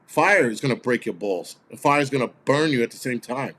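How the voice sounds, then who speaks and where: A man's voice: medium pitch, a little fast, fairly bright tone. A man hosting his own channel, talking in a blunt, heated, profanity-laden rant straight to his viewers. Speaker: host of a prepper channel. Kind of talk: casual ranting video monologue.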